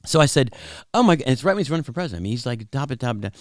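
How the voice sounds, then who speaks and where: Middle-aged male comedian trading stories as a guest on a podcast. He talks in an animated way, slipping into other people's voices and laughing between lines. His pitch sits mid-range, and the sound is dry and close. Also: rapid-fire, dry recording. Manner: animated, acts out voices in anecdotes, laughs often. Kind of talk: casual chat, storytelling.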